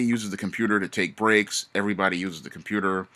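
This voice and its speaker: A man with a fairly low voice talks straight to camera in a casual monologue. He hammers each point with repeated warnings and frequent restarts. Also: little pitch movement, quick pace, hardly any pauses, pushed and bright. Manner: emphatic, repetitive warnings with many restarts. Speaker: vlogger.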